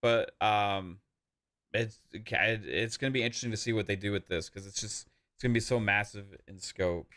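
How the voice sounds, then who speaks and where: A man's voice: on the low side, moderate pace, fairly bright tone, dry recording, clean studio sound. A man co-hosting a gaming podcast in casual chat, laid-back and a bit hesitant. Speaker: podcast co-host.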